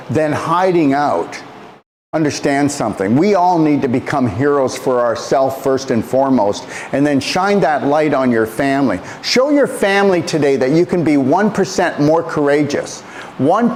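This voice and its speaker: A man, a natural health practitioner, delivering an impassioned motivational monologue, emphatic and preachy, repeating phrases and swinging his pitch up and down. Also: darkish tone, slight background noise.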